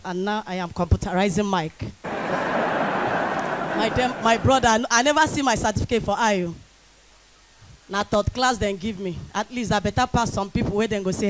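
A young Nigerian woman doing stand-up comedy in Pidgin English, loud and shouting to the crowd in bursts. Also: a little high. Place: comedy stage before a live audience.

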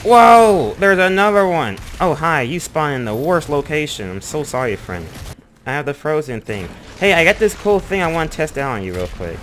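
Excitable young man joking over gameplay. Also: a little high, brisk, a little hiss or hum. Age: young adult. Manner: excitable, jokey, rambling with sudden outbursts. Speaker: gaming YouTuber. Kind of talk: casual gameplay commentary. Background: game music and sound effects.

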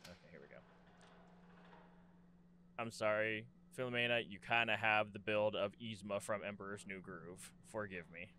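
A woman's voice: extremely low pitch, fairly even intonation, moderate pace, sharp tone, slight background noise. A young adult woman streaming a horror game, jokey and jumpy, swearing as she plays. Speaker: gaming streamer. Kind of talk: casual horror game commentary.

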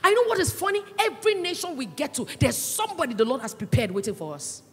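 A woman pastor preaching a sermon with passion, swinging between loud cries and hushed asides. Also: high-pitched, big pitch swings, quick pace. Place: church hall. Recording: echoey church hall, with faint music.

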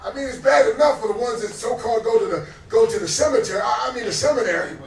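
A man in his fifties preaching a sermon as pastor, swinging between soft asides and shouted exhortations that call out to the congregation. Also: very high voice, quick pace, vocal fry. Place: restaurant dining room. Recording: roomy echo, distant mic, faint music.

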